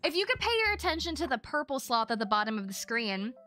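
A bubbly young woman chats with her live-stream audience while she plays. Her voice sits a little high and sounds bright and crisp. Soft music plays behind her. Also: sing-song, quick pace. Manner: bubbly, chatty, thanking chat and giggling. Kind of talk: casual live-stream chat while gaming.

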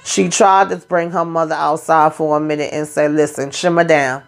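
Woman, recap host, lowish pitch, blunt, profane, conversational. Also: fairly even intonation, creaky. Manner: blunt, profane, retells scenes in quick acted-out quotes. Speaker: YouTube reality TV recap host. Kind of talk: casual spoken recap.

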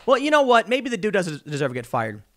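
A man hosting a political commentary vlog, talking casually with animated sarcasm. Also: high voice, fast talker. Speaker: host.

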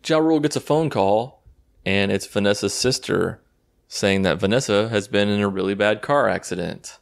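A man's voice: fairly low pitch, moderate pace, creaky. A man giving a casual, rambling and sarcastic recap of a movie, swearing freely as he goes. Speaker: YouTube movie reviewer.

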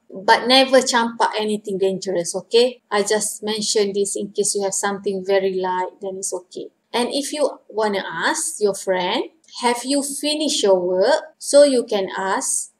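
A woman with a Malaysian English accent, teaching a vocabulary lesson and patiently repeating each phrase slowly for learners. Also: mid-range voice. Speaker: language teacher.

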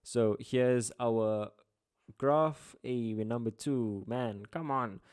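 A young man with a South African Durban accent and a mid-range voice, tutoring geography exam answers. His delivery is relaxed and chatty, with joking asides and playful slang between points. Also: medium pitch, slow, clean tone. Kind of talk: casual exam-answer walkthrough lesson.

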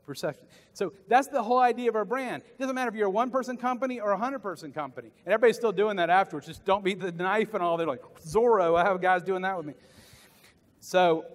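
A middle-aged man from the American South giving a motivational sales talk at a conference, animated and jokey, acting out voices for the people he quotes. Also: high-pitched. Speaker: keynote sales speaker. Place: large conference hall. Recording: long hall reverb.

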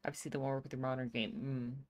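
A woman's voice: rumbling low, steady tone, fast talker. A woman streaming a life-sim game, chatting casually, reading chat aloud and laughing often.

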